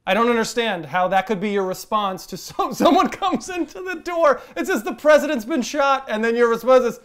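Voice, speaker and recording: Animated high-voiced man. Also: brisk. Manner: animated, emphatic, laughing often. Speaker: podcast co-host. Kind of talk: casual chat.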